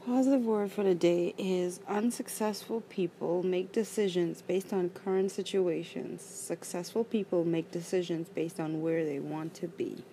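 Sleepy, opinionated woman, mellow voice. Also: lowish voice, steady tone, moderate pace, hardly any pauses. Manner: argumentative, opinionated. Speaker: podcast co-host. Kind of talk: casual chat.

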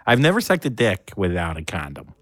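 A man's voice: low-pitched, wildly swooping pitch, fairly quick, a bit bright, dry recording, clean studio sound. A man co-hosting a podcast, casually telling a long story and laughing often as he rambles. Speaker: podcast co-host.

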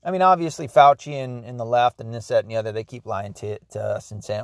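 A man rambles through a solo podcast monologue, swearing freely and ranting as he goes. His voice sits at an ordinary middle pitch, recorded dry and close with no room sound. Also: steady tone, quick pace, gravelly, few pauses, no room sound. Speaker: podcast host.

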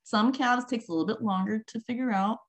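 A middle-aged woman who researches marine mammals, telling field stories in a casual, animated way, laughing often and acting out quotes. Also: fairly high pitch, fairly quick. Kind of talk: casual conversational storytelling.

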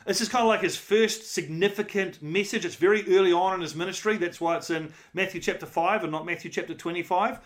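A man's voice: high voice, fast, hardly any pauses. A middle-aged man, a pastor preaching a conversational, emphatic sermon with rhetorical questions.

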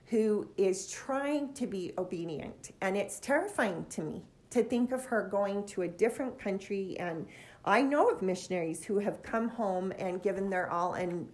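Middle-aged woman, earnest scripture teacher, casual and heartfelt. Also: medium pitch.

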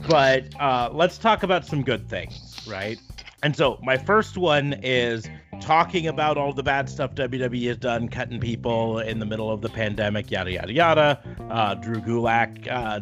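A man's voice: mid-range voice, normal speed, music in the background. A man hosting a podcast, teasing his co-hosts in a dry way and steering the chat. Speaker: podcast host.

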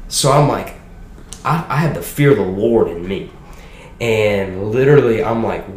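Young male podcast guest, low voice, roomy echo, lively testimony. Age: young adult. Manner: animated, quick storytelling with acted quotes. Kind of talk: personal testimony storytelling. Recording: roomy room echo with faint noise.

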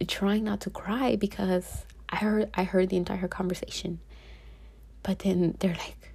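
A young woman recounts her own story in a casual vlog, her voice dark and mellow with a husky edge. She speaks softly and often slips into a hushed whisper. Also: on the low side. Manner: soft-spoken, slipping into whispers. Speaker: vlogger.

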